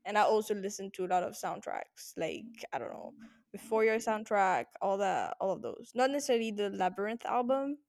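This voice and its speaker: A woman's voice: mid-range voice, expressive, a little fast, vocal fry, darkish tone. A young woman co-hosting a podcast in casual chat, laughing often and teasing playfully. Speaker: podcast co-host.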